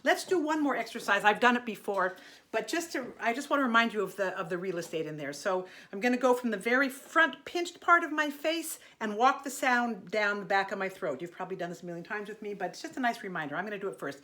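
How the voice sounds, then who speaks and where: A woman's voice: mid-range voice, lively intonation, quick pace, pushed and bright. A middle-aged woman teaching an online singing lesson, chatty and encouraging, breaking off into sung vocal exercises.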